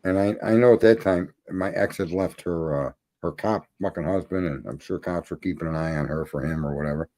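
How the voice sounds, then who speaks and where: Low-voiced man telling rambling stories. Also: brisk, hardly any pauses, warm tone. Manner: profane, rambling, climbs into high indignant pitch. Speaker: podcast host. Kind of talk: casual storytelling chat.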